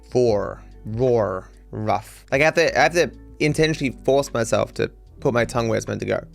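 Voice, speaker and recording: An Australian man rambles through a casual live-stream chat, his voice sitting at a middle pitch. He sounds out words as he explains them, with soft music playing faintly behind him. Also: creaky.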